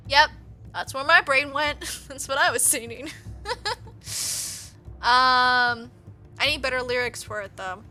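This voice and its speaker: Excitable high bright-voiced woman gamer. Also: takes it slowly, long pauses, soft background music. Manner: excitable, swearing, gasping and laughing. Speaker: streamer playing a visual novel. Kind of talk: reading a visual novel aloud with reactions.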